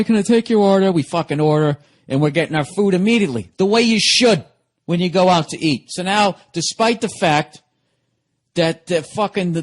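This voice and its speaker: Profane, rambling man telling a story. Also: a little high. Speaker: comedian podcast host. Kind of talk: casual storytelling monologue.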